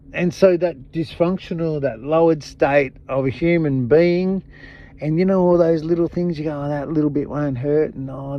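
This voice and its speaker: A man hosting a podcast, giving an impassioned, blunt monologue full of swearing and repeated emphatic phrases. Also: fairly high pitch. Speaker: podcast host. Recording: dull lo-fi sound.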